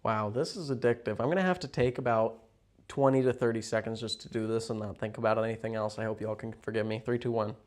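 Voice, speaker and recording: A man chatting casually with viewers on a livestream from a hotel room, rambling, playful and sarcastic, jumping between loud outbursts and mutters. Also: lowish voice, steady tone, fast talker. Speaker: livestream host.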